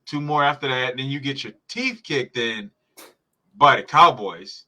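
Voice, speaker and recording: On a live football reaction podcast, the host, an adult father, goes on a heated, profane rant about the game. His voice is bright and medium-pitched, and he keeps a measured pace.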